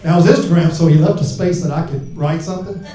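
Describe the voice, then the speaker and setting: A crude, brash man works a stand-up set through a handheld mic, his voice pitched high for a man. He sounds far off in a very echoey club. Audience laughter rolls behind him. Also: fast, background noise. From Alabama. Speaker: stand-up comedian. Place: comedy club stage. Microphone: handheld microphone. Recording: echoey room, heard from afar.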